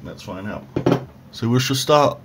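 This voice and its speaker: Medium-pitched, animated and creaky, this man takes his time reviewing food in a casual home vlog, sounding dry and self-mocking. Phone audio from an overhead camera carries slight room noise.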